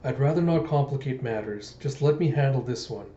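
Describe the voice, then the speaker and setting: A man voicing a calm, kindly male doctor who speaks in a measured way. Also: medium pitch, echoey room, dull audio, lightly acted.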